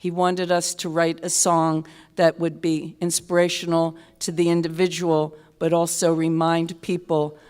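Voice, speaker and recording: A woman's voice: lowish voice, level tone, darkish tone, smooth. Tired woman rambling onstage, concert hall. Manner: rambling, halting, many filler pauses; wry, self-mocking humor. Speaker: singer-songwriter performing live. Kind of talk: stage banter between songs. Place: live concert stage in a hall. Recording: live concert hall reverb with band music.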